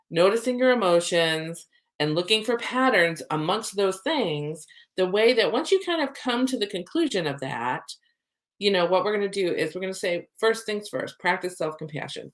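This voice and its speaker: A middle-aged woman, a soul coach, talking casually to camera and acting out her own inner thoughts in lively asides. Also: mid-range voice.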